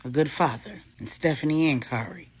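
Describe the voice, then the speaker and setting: A woman's voice: low-pitched, normal speed, husky, voice pushed down. A woman voicing a supportive, approving man in the family, in a storybook reading.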